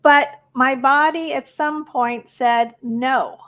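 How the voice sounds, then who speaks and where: A woman hosts an interview podcast, speaking frankly about her own experience before turning it into a question for her guest. Her voice is a little higher than average and full of expression. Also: measured pace. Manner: candid and expressive, asking questions. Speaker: podcast host. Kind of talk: casual interview conversation.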